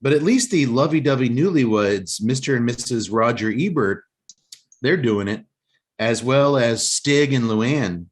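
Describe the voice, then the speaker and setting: A man's voice: mid-range voice, lively intonation, unhurried. A man co-hosting a casual podcast, telling a movie plot as a joking storyteller. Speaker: podcast co-host. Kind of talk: casual chat and movie recap.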